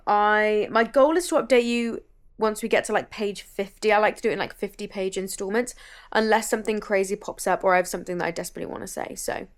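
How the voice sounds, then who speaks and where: Chatty woman with a clear voice. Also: mid-range voice. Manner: chatty, swears freely, enthusiastic. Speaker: book vlogger. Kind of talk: casual vlog chat.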